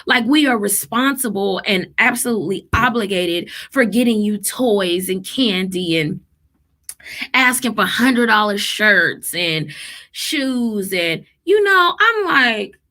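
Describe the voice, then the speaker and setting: A woman's voice: mid-range voice, slow pace. A woman in her thirties, a therapist and mother, telling parenting stories in a casual, emphatic vlog style. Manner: animated, emphatic, quotes people in lively voices.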